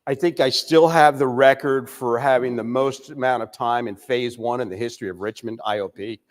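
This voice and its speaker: An older man from the United States giving a candid recovery testimony, telling his story with frequent pauses and fillers. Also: mid-range voice, steady tone. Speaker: recovery speaker.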